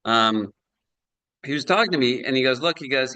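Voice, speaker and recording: A middle-aged man talks through a product pitch on a video call, loose and conversational, leaning on fillers and tag questions. His voice is bright and forward, and the sound is dry and close, with no room around it. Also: normal speed, dry recording, low-quality recording. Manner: chatty, animated, many fillers and tag questions. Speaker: presenter. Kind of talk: sales presentation on a video call.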